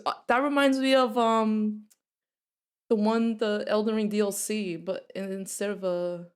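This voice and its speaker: A young woman commentates a game on a live stream in a medium-pitched voice. She talks slowly and drawn out, then bursts into loud, excitable reactions and frequent laughter. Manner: excitable, laughs often, reacts loudly to surprises.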